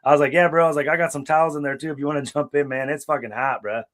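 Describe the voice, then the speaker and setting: A man's voice: fairly high pitch, rapid-fire, fairly bright tone. A young man co-hosting a casual live watch-along chat, rambling and swearing freely while telling stories from a hot room without air conditioning. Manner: profane, rambling storyteller. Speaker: podcast co-host.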